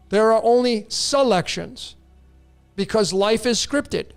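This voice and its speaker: High, gravelly man rambling animatedly. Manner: rambling, animated, with restarts and laughs. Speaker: host answering listener questions. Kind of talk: casual monologue. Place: in Mexico.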